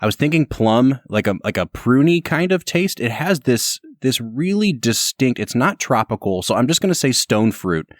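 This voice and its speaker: A man co-hosting a casual podcast, joking and telling stories in an animated way. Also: medium pitch, moderate pace, few pauses, dry recording, studio quality. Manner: jokey, animated storytelling. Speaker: podcast co-host. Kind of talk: casual chat.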